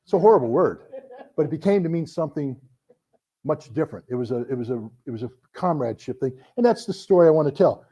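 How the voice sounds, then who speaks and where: American guy telling war stories at a book event, warm mellow tone, does all the voices. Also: fairly high pitch, fast talker, husky, highs cut off. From United States. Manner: animated anecdotal storytelling with voiced quotes. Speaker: author giving a book talk. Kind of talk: storytelling talk to an audience.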